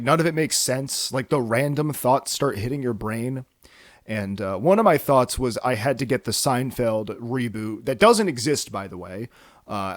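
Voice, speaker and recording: A man's voice: mid-range voice, no room sound, studio quality. A man hosting a solo casual podcast, rambling and cursing with self-mocking jokes, tired from too little sleep. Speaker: podcast host.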